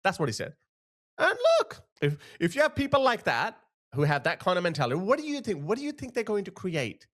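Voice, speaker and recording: A man hosting a political commentary show, talking in an animated, sarcastic and emphatic way. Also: high-pitched, a little fast. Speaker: host.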